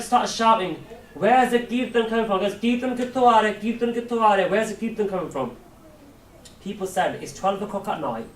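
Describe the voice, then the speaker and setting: A Sikh preacher gives a storytelling talk to a youth camp in a large hall, acting out voices and posing questions to the audience. His voice sits high. The recording is echoey, with the mic far away and a faint hiss.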